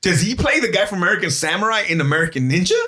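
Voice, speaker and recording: A man co-hosting a casual podcast, excitable and swearing, laughing often as he talks. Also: sits high, racing, crowd noise. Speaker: podcast co-host.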